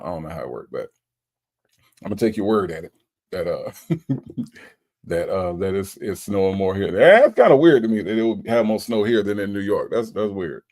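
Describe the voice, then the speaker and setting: Laid-back man with a gravelly voice. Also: fairly low pitch, a little mellow. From Florida. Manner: laid-back, chatty, repeats himself, playful. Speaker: livestream host. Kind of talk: casual livestream chat reading viewer comments.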